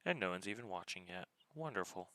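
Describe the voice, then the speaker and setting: A man's voice: low voice, lively intonation, a little fast, sharp tone, low-quality recording. A man chatting casually on a live game stream, greeting viewers by name in an easygoing way.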